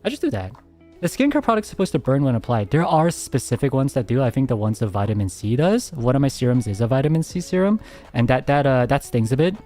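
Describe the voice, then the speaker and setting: A man streamer answering viewer questions in a soft, hesitant casual chat, speaking very close to his mic at home. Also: medium pitch, big pitch swings, quick pace, soft background music. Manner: soft-spoken, hesitant, many restarts.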